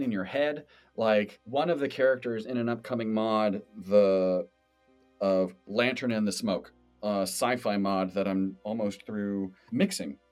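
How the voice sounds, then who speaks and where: Brief: lively game-master host, lowish voice, casual. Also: male voice. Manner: animated, explains by demonstrating voices. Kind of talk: casual podcast chat.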